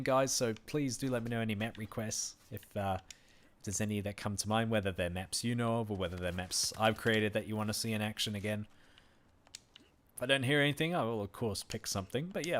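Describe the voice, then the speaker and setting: A gaming streamer from Western Australia chats casually with viewers while playing, laughing often and thanking people by name. His voice is lowish, quick and fairly bright, with a little hiss or hum.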